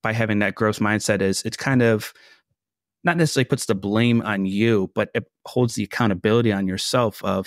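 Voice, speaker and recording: A man's voice: on the low side, brisk, no room sound, studio quality. A man as a mindset coach guest on a podcast, earnest and explanatory with frequent fillers. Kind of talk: casual interview chat.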